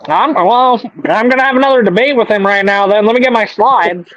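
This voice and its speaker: Playful man with a high voice on a dull call line. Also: a little fast, a bit bright. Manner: joking, playful impressionist. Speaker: call participant.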